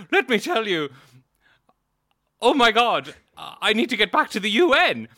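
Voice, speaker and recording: A man's voice: very high-pitched, very animated, slow, gravelly, pushed and bright, no room sound, clean studio sound, pitched above the performer's own voice, heavily acted. A man voicing a burly gang leader who breaks into a gushing impression of a female stateswoman, in a tabletop role-play. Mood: excited.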